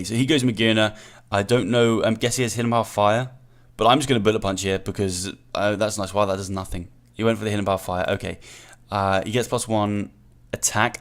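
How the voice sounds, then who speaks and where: A man, the host of a gaming channel, commentating his own match live, thinking aloud, repeating himself and calling himself an idiot after mistakes. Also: fairly low pitch. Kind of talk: live play-by-play commentary of a game.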